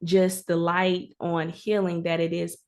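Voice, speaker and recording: A woman's voice: lowish voice, completely flat delivery, a little slow. A woman hosting a podcast, affirming and reflective as she responds to her guest. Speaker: podcast host. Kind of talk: casual interview chat.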